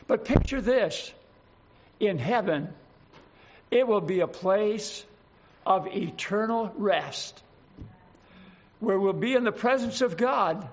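An older man preaching a sermon, slow and emphatic, lingering on single words. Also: high-pitched, lively intonation, muffled recording, slight background noise.

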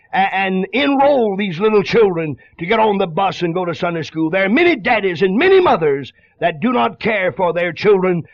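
A man's voice: high-pitched, dry recording. A man preaching an impassioned, pleading sermon, on a dull lo-fi radio broadcast.

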